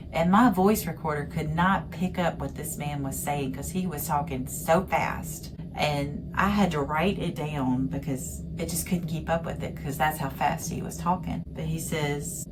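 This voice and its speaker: A woman's voice: low-pitched, background noise. A woman podcast host recapping a TV episode in a chatty, exasperated storytelling way. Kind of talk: casual reality TV recap.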